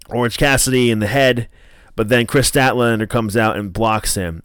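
Young man, wrestling podcast host, low voice, dry close sound, rambling fillers. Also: fairly bright tone, smooth, no echo. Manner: rambling, many fillers, acts out quotes in a raised voice. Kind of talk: casual commentary review.

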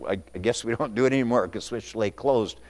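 A man's voice: medium pitch, fast talker, a little mellow. A man preaching a sermon as pastor, telling a folksy story and then reading scripture aloud. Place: church sanctuary. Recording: church hall reverb.

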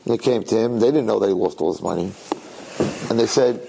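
A man's voice: on the low side, brisk, creaky, warm tone, slight background noise, poor audio. A man telling a religious story in a sermon, in a conversational way that repeats phrases and asks the listeners questions.

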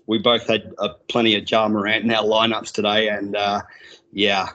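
An Australian man drops in as a podcast guest with a somewhat low voice. He is relaxed and jokey, often stumbling into quick restarts. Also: lo-fi sound. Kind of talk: casual chat.

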